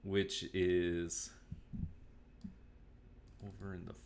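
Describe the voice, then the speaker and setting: A man narrating as game master in a tabletop game, casual and halting with many fillers. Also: deep voice, monotone, darkish tone, slight background noise.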